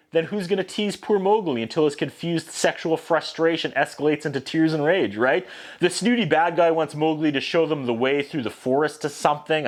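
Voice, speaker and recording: Sarcastic, animated male movie reviewer. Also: on the high side. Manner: sarcastic, animated, puts on voices for quotes. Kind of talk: sarcastic comedic movie recap.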